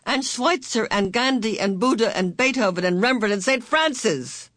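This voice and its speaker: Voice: medium pitch, very animated, normal speed, dry recording, studio quality, voice pushed up, close to an everyday voice. A reader voicing an eager, curious teenage boy who asks questions earnestly. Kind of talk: audiobook character voice.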